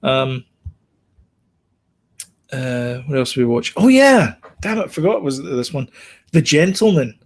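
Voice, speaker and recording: A man's voice: medium pitch, sing-song, husky. Rambling man on a chatty podcast. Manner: rambling, fills pauses with ums. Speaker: podcast co-host. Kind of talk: casual chat.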